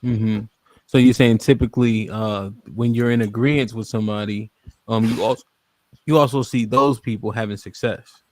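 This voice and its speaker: A man's voice: on the low side, fairly even intonation, normal speed. A man moderating a podcast panel, asking questions and summarizing each side's position. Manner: questioning, summarizing both sides.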